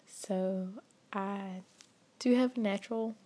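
Southern woman vlogger, slight accent, unhurried delivery with a low mellow tone, soft and half-whispered. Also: fairly even intonation. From Southern United States. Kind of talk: casual vlog reading a word list.

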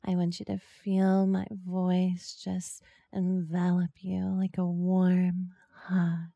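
A woman in whispered role-play, speaking softly and coaxingly, with teasing murmurs close to the microphone. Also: on the low side, completely flat delivery, no room sound, lo-fi sound. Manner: soft, slow, coaxing and teasing, with breathy murmurs. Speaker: ASMR role-play performer.

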